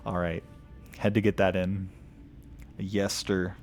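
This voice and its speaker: A man's voice: sits low, sing-song, takes it slowly, soft background music. A man streaming a video game, reading lore aloud in a casual way, stumbling over odd names and chuckling.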